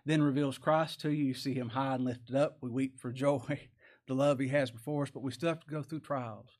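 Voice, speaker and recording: A man's voice: medium pitch, steady tone, a little fast, a little mellow. A man preaching a sermon in a folksy, conversational way, asking rhetorical questions and chuckling as he goes. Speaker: pastor.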